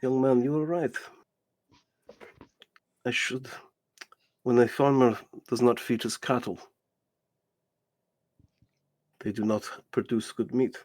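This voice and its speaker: A man voicing a cruel, ancient male vampire lord, speaking with calm, mocking menace. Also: mid-range voice, unhurried, pauses often, dry recording, lightly acted.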